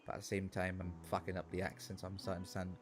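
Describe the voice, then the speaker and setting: A man streaming a farming game, chatting casually, joking and rambling with sudden loud outbursts. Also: sits low, monotone, racing. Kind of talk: casual gameplay livestream chat. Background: faint background music.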